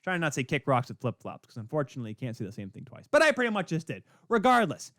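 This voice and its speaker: A man hosting a podcast, delivering a heated, sarcastic rant with sudden loud spikes and quick muttered asides. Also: a little high, wildly swooping pitch, dry recording, studio quality. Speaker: podcast host. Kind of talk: ranting hockey commentary.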